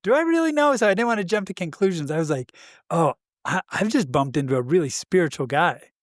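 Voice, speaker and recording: A man co-hosting a podcast, telling a story in a casual, animated way, acting out quoted dialogue and laughing often. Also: a little high, a little fast, no echo, clean studio sound. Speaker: podcast co-host.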